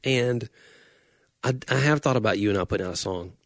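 A man's voice: fairly low pitch, fairly quick, dry recording, studio quality. A man in his forties co-hosting a casual chat, playful and self-deprecating. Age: 40s. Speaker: podcast co-host and worship leader.

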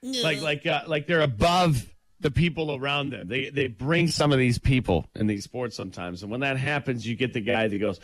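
A man co-hosting a morning radio show, ranting about sports in a lively, joking way. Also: mid-range voice, dry recording. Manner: lively, ranting, quick to laugh. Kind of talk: casual radio banter.

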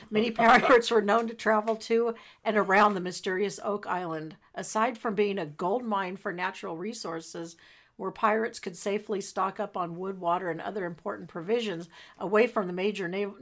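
A woman co-hosting a podcast, reading history aloud with playful, teasing comments. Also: medium pitch. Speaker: podcast co-host. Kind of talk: casual chat and reading aloud.

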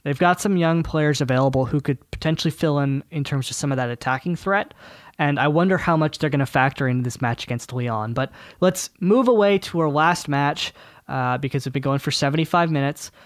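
Higher-voiced man hosting a sports podcast. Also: brisk, dry recording, clean studio sound. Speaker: podcast host. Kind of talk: casual sports podcast chat.

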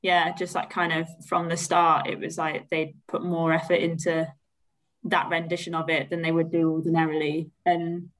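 A woman's voice: low voice, level tone, moderate pace, fairly bright tone, rough recording. A woman co-hosting a casual football podcast, talking in a rambling way with many fillers. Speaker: podcast co-host.

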